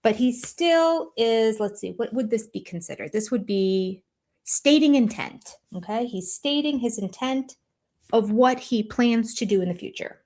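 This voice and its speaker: An older woman giving deliberate, analytical commentary as a host, with a dryly sarcastic edge. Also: a little high, expressive, a little mellow.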